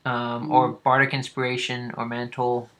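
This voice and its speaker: A man narrating a tabletop game as game master, pausing often with fillers and restarts. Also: medium pitch, monotone, fairly bright tone. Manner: halting, with frequent fillers and restarts.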